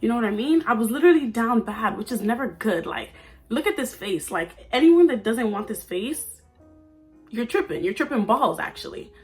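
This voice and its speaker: A woman's voice: a little high, expressive, normal speed. 19 yr old girl rambling to camera, chatty and oversharing, faint music behind. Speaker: vlogger. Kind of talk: casual chat. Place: at home under a ring light.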